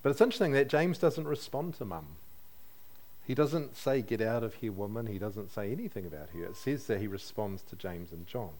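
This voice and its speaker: A man's voice: on the low side, animated, fairly quick, darkish tone. A man preaching a sermon in a conversational way, asking his listeners questions and adding light humor.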